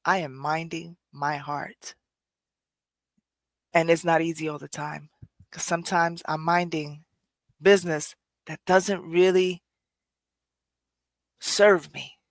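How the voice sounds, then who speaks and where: A woman's voice: low-pitched, steady tone, slow pace, pauses often, dry recording. A middle-aged woman hosting a podcast, talking earnestly and candidly in a reflective personal way, sometimes laughing at herself. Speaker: podcast host.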